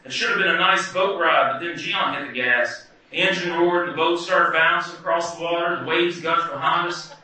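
A man performing a wry, animated first-person story live. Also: a little high, moderate pace. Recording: echoey hall from far off.

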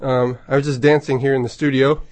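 A man working as a radio DJ in a studio, chatting casually and excitably between songs, rambling with lots of ums. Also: mid-range voice, brisk, no room sound. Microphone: studio microphone.

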